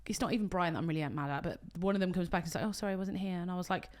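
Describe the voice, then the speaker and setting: A British woman and wedding coordinator, co-hosting a podcast and telling an animated story full of acted-out quotes. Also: on the low side, racing. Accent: British English. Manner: animated storytelling, acts out quotes, swears casually. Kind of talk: casual chat, storytelling.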